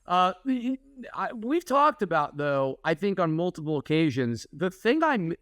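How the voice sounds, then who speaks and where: Man with a fairly high, dry voice. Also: normal speed, no room sound. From Oklahoma. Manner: storytelling, animated. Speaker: podcast co-host. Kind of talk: casual podcast chat.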